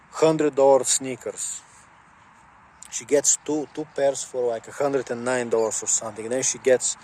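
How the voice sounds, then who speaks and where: A man's voice: mid-range voice, a little mellow. Rambling man vlogging beside a car. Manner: rambling, heavy on fillers, swears casually. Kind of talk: casual rambling chat. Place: outdoors by a car, jump-starting it. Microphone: phone.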